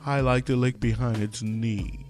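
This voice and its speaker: A man doing a creepy, slow snake owner. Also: medium pitch, steady tone, a little mellow, faint music behind, voice pushed down, natural voice.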